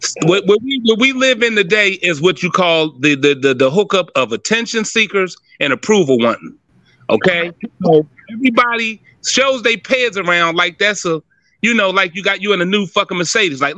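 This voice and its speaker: Older male co-host, profane emphatic ranter, bright cutting tone, dry close mic. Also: sits high, a little fast, no room sound. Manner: profane, emphatic, animated rant. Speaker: podcast co-host. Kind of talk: heated casual talk.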